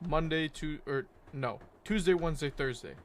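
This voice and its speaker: A man's voice: on the high side, moderate pace, a little hiss or hum. A young man streaming, wrapping up a game session in a rambling, laid-back chat with his viewers, full of fillers and self-corrections.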